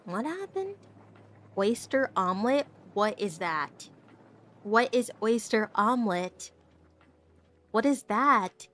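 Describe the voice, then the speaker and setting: A woman's voice: a little high, lively intonation, takes it slowly, pauses often, a bit bright. A young woman chatting casually on a live stream, giggling often and tripping over her words as she rambles to her viewers. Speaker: VTuber streamer.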